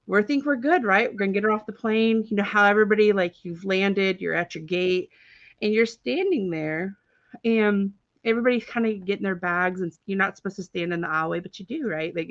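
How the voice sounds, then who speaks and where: A woman's voice: mid-range voice, a little fast, no echo. Chatty woman hosting a live stream. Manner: animated, chatty, with many filler words and frequent laughter. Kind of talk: casual storytelling on a live stream. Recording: dull, dry, lo-fi stream audio.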